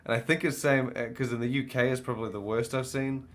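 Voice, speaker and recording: A man's voice: medium pitch, steady tone, quick pace. A man with a New Zealand accent, a podcast panelist rambling in casual chat and swearing freely.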